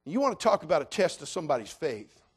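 A man preaching a sermon as pastor, folksy and full of jokes, swinging between loud declarations and hushed asides. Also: a little high, sing-song, quick pace, slightly rough.

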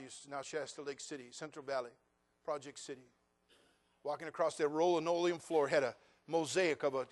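An older man delivers a sermon in a high voice. He tells his story in hushed, quiet passages, then climbs to loud, fervent preaching. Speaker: pastor.

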